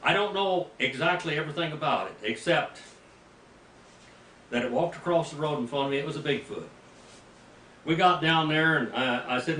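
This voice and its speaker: An older male pastor spins a folksy story from the pulpit, his voice jumping into loud outbursts. He stands away from the mic in a roomy space, with a faint hum of noise behind him. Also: a little high, normal speed, pauses often, recorded from a distance. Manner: folksy, animated storytelling with sudden loud bursts. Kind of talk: storytelling sermon. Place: mission field, preaching to a group.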